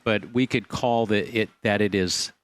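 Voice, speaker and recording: A man's voice: lowish voice, steady tone, moderate pace, a little hiss or hum. A male radio host chatting on a home and garden show, recorded on a studio microphone. He talks in a loose, casual way and likes to tease his co-host and pose him trivia questions. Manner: teasing, quizzes his co-host.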